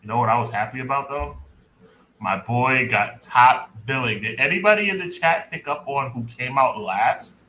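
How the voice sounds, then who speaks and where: A man co-hosting a podcast in casual chat, talking emphatically and dragging words out slowly for effect. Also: mid-range voice, lively intonation, pushed and bright. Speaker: podcast co-host. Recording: echoey room with faint noise.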